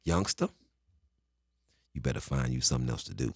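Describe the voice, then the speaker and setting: A man's voice: extremely low pitch, animated, fairly quick, dry recording, studio quality, voice pushed down, heavily acted. A man voicing a stern old male prisoner who curtly brushes people off. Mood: dismissive. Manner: gruff, curt brush-off. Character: stern old male lifer, grumpy and dismissive.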